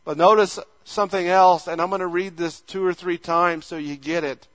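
A man's voice: high-pitched, fairly even intonation, normal speed, a bit bright. A male pastor preaching a conversational sermon, acting out imagined dialogues as he goes.

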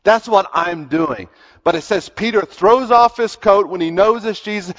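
A man's voice: high-pitched, animated, measured pace, fairly bright tone. A man preaching a sermon, retelling Bible stories in an earnest, emphatic way and repeating words to stress his points. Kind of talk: sermon storytelling. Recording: long hall reverb, dull lo-fi sound.

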